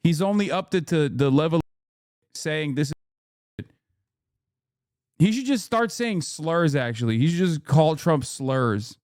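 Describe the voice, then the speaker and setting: A male streamer tears into news clips with heated, sarcastic rants. His voice sits a little high, and the sound is dry and close. He breaks into mocking impressions often. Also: lively intonation, unhurried, long pauses, a little mellow, no echo. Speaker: streamer commentator.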